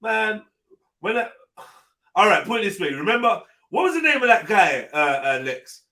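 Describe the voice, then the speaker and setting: A man hosting a live open panel, blunt and animated, swearing freely and acting out what people say. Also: high voice, normal speed, far from the mic. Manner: blunt, animated, swears often, acts out quotes. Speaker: host of a live open panel talk show. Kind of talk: casual panel discussion.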